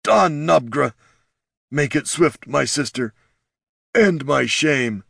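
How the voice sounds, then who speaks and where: A man's voice: fairly high pitch, expressive, slow, gravelly, fairly bright tone, husky, dry recording, studio quality, pitched above the performer's own voice, full character voice. A man voicing a huge male orc chieftain who bellows and chokes with raw emotion. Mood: broken. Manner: bellowing, voice cracking into sobs.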